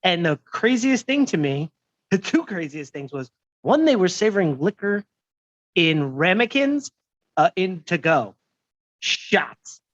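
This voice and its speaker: A man's voice: high voice, big pitch swings, slow pace, muffled recording. A man co-hosting a casual podcast chat, telling stories about the drinks trade with a joking manner. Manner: storytelling, joking. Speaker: podcast co-host.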